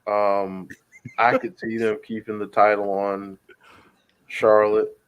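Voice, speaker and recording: Male co-host, low and slow, hesitant, casual. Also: level tone, clear, resonant tone, lo-fi sound. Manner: hesitant, many ums and restarts. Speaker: podcast co-host. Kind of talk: casual chat.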